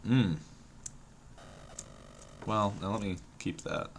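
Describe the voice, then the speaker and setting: A man's voice: lowish voice, slow, creaky, slight background noise. A man thinking aloud while solving a word puzzle at his computer, musing and hesitant, trailing off and repeating words to himself. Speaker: puzzle game streamer.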